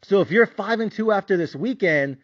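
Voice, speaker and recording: A man ranting in a profane, heated and animated way as a sports betting vlogger, on a dull lo-fi recording. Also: high voice, a little fast, no echo. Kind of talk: ranting monologue.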